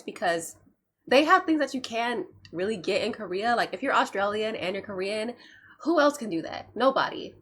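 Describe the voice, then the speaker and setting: A woman's voice: medium pitch, a bit bright, husky. A woman hosting a reaction video, chatting casually and checking her notes, with frequent restarts. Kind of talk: casual commentary.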